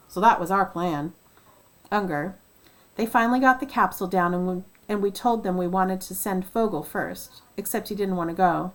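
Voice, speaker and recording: A woman reading a nonfiction book aloud at first sight, voicing first-person accounts and lifting her voice for quoted shouts. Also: medium pitch, moderate pace, poor audio. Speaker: audiobook reader.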